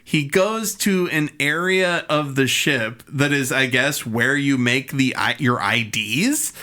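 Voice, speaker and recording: A man co-hosting a podcast, recapping an episode in casual chat, excited and profane, acting out the characters' lines. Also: mid-range voice, takes it slowly. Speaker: podcast co-host.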